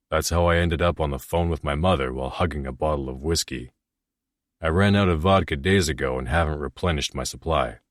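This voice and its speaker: A man's voice: rumbling low, dry recording, studio quality. A man narrating a first-person romance audiobook in a brooding, self-critical way.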